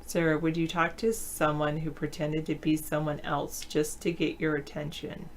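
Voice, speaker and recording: Chatty woman host, slightly low voice, answers viewer comments out loud with easy laughs. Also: flat delivery, normal speed, slight background noise. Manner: laughs often mid-sentence. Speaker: show host. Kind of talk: casual live video-chat talk.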